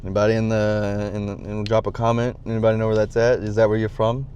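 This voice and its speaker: A man's voice: fairly low pitch, level tone, fast, darkish tone, lo-fi sound. A man hosting a solo podcast while driving, rambling casually with jokes and swearing. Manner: joking, profane, goes off on tangents. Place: inside a moving car. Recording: constant car road noise.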